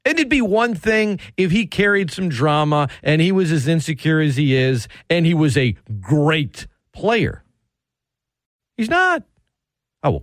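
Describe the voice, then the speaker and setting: A sarcastic, fired-up sports radio rant comes from a man whose rather high voice swings up and down while he pushes each point hard. The studio recording is close and dry, without any room sound.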